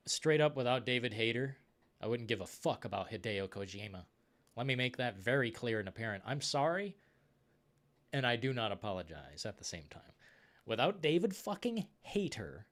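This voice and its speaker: Running a gaming stream, this young man talks casually in a mid-range voice while going through viewer comments. His delivery rambles, full of excitement and swearing.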